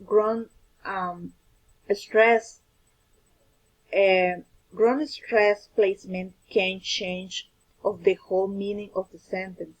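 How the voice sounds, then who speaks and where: Breathy woman reading a lesson. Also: mid-range voice, darkish tone, low-quality recording. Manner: careful, slightly halting delivery with self-corrections. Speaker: student presenter.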